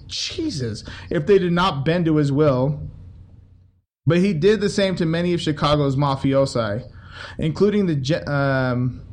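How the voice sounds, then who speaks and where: A man casually reading a history book aloud, breaking off for swearing, joking asides. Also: a little high. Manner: casual, swears, laughs at the text. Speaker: reader.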